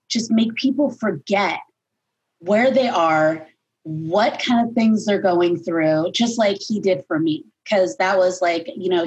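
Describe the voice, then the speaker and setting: Chatty woman comedian, husky voice. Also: on the low side, a little mellow, highs cut off. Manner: laughs often, chatty. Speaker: guest comedian. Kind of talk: casual conversation.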